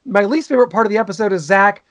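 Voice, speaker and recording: A man's voice: high voice, rapid-fire, fairly bright tone. A man co-hosting a podcast, chatting casually and gushing about an old sitcom episode, with frequent fillers. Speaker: podcast co-host.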